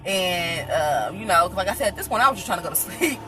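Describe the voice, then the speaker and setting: A woman vlogger telling a personal story in casual chat, animated and laughing, acting out the people she quotes. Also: fairly low pitch, fast, music in the background.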